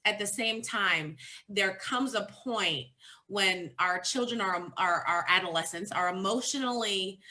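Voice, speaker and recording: Bright-voiced woman, emphatic guest in a casual chat. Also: mid-range voice, measured pace. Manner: animated, emphatic. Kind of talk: casual conversation.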